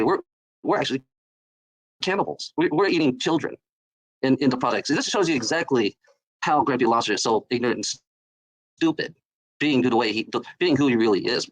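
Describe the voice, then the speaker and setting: A man's voice: mid-range voice, poor audio. A man on a livestream, ranting in a mocking, profane, repetitive way.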